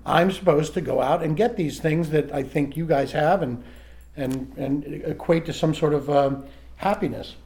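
A middle-aged man sharing candidly in a recovery group, self-mocking and halting, often restarting his sentences. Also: fairly high pitch, darkish tone.

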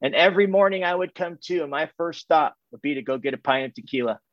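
Speaking to a recovery group, a middle-aged man from California tells his story candidly, often restarting sentences and repeating himself. His voice runs on the high side, and the recording is dry, dull and muffled.

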